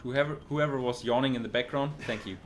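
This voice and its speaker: A man's voice: medium pitch, fast talker. Guy commentating his speedrun live, dry sarcastic jokes, noisy background, mid voice. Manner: dry, sarcastic, swears when frustrated.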